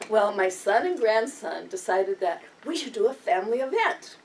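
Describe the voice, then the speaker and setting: A woman's voice: mid-range voice, sing-song, normal speed, slight background noise. An older woman giving a humorous storytelling speech, often chuckling through her own anecdotes. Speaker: public speaker. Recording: distant mic with faint room ambience.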